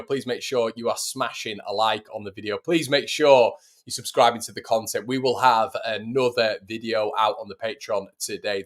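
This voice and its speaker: A young man, casually hosting a live stream from home, chatting and answering viewer messages. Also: lowish voice. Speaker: host of a fan channel.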